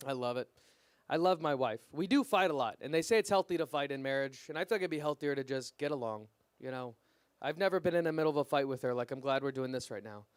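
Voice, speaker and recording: A young man performing a stand-up comedy set at an open mic, deadpan and self-deprecating, his punchlines trailing off quietly. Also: mid-range voice, clear, resonant tone, dry recording. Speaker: stand-up comic.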